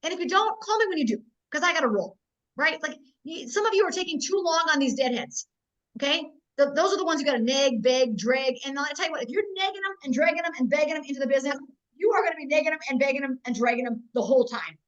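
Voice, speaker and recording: High-pitched woman in her forties, blunt tough-love sales trainer, muffled video-call sound. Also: expressive, fast talker. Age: 40s. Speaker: network marketing trainer. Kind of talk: motivational business training.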